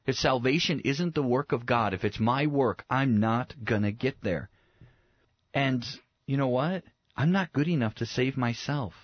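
Pastor telling a lively story. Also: male voice, medium pitch, a little slow. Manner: lively storyteller who acts out his own reactions. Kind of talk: storytelling sermon. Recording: dull lo-fi radio recording. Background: faint guitar music.

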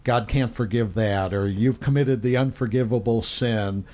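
A man's voice: mid-range voice, moderate pace. Reflective man hosting a faith podcast. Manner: warm, reflective, addresses listeners directly. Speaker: podcast host. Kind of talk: Christian podcast discussion.

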